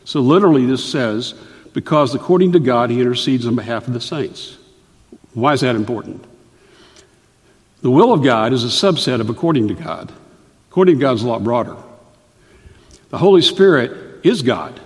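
A man's voice: mid-range voice, animated, normal speed, long pauses. Conversational man teaching in a reverberant hall. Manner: conversational, explanatory, with asides and rhetorical questions. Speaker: Bible teacher. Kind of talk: sermon.

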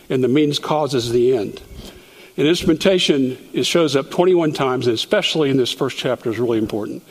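A man leading a Bible study lesson in a chatty way, dropping self-deprecating jokes. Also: mid-range voice. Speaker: Bible teacher. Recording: long hall reverb.

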